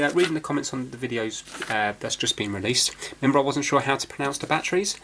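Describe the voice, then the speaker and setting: A man's voice: medium pitch, fairly bright tone, a little hiss or hum. Chatty man explaining a repair. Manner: chatty, rambling, self-deprecating, many fillers and restarts. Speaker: repair video host. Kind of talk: casual explanatory talk while repairing.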